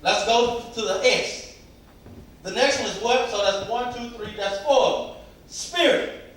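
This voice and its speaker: A high, bright-voiced man preaches to young people in a loose, conversational way, acting out the voices of people in his stories. He is heard from some distance in a very echoey hall, with faint noise underneath. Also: takes it slowly. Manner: conversational preaching, acts out quotes. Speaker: youth pastor. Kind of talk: preaching to youth.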